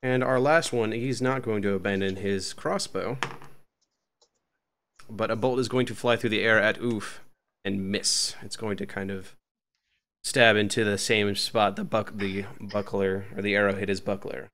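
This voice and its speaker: A man's voice: fairly low pitch, fairly even intonation, unhurried, fairly bright tone. A man narrating a tabletop game as game master, joking and rambling with many restarts.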